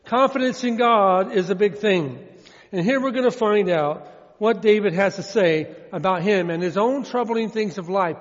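Casting: high-pitched male pastor, folksy sermon delivery with lots of repetition, dull lo-fi church recording with long reverb. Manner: folksy preaching, repeats phrases, drawn-out quoted verses.

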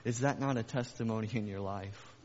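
A man's voice: on the low side, brisk, a little mellow. A man preaching a sermon as a pastor, emphatic, with repeated phrases and rhetorical questions. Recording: echoey hall, dull lo-fi sound.

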